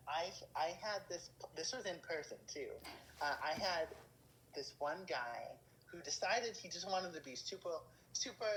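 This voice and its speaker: A woman's voice: sits low, a bit bright, a little hiss or hum, rough recording. A woman dungeon master, a guest in a casual interview, rambling with lots of fillers and restarts.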